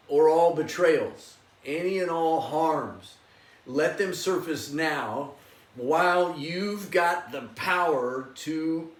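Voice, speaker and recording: A man with a slightly raised pitch guides a meditation class, coaxing listeners along and breaking into loud, forceful chants. His voice rings around an echoey room, and he sounds set back from the microphone. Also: far from the mic. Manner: encouraging, coaxing listeners to join in. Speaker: yoga and meditation teacher.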